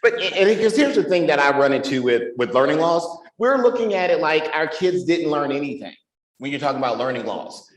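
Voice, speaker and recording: A man co-hosting a live podcast at a conference, speaking in quick, animated bursts about education. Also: a little high, roomy sound, distant mic, poor audio. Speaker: podcast co-host. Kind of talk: live podcast chat with audience. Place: conference room with live audience.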